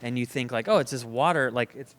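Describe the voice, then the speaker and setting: A man with a smooth, clear voice and an ordinary mid pitch, hosting a podcast. He chats loosely, leaning on "like" as he tells a story. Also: fast. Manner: relaxed, chatty, heavy use of filler "like". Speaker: podcast host. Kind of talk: casual podcast chat. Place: comedy club, indoors.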